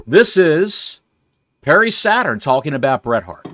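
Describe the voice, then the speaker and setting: A man co-hosting a casual wrestling podcast, telling stories in a wry, drawn-out way. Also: a little high, very animated, a bit bright. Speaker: co-host.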